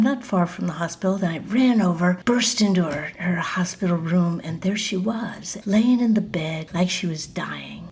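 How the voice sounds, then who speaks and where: Woman host spinning a family anecdote; lowish voice, chatty. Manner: lively anecdotal, conversational. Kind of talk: personal storytelling.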